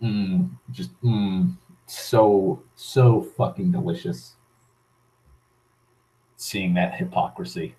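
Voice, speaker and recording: A man's voice: deep voice, fairly even intonation, drawn-out words, long pauses, warm tone, low-quality recording. Profane, sarcastic young man ranting. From Massachusetts. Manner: profane, sardonic, rambling with restarts. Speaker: vlogger. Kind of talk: casual rant.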